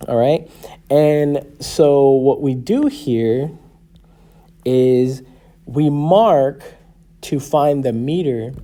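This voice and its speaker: A man in his thirties gives a patient classroom lecture, speaking at an unhurried pace. His voice is mellow and warm rather than bright. He keeps checking that the class is following with a quick "okay?" or "right?". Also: mid-range voice. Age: 30s. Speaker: teacher.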